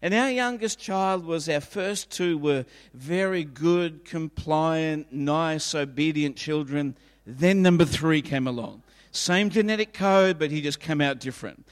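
High-voiced preaching man in a reverberant hall. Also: measured pace. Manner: emphatic, repetitive preaching with acted quotes. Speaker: pastor. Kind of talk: sermon. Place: church.

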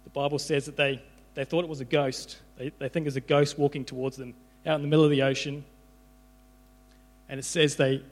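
A man's voice: a little high, little pitch movement, normal speed, pauses often. A young man giving an informal sermon, conversational, often repeating his words as he goes. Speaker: preacher. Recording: hall reverb with mains hum.

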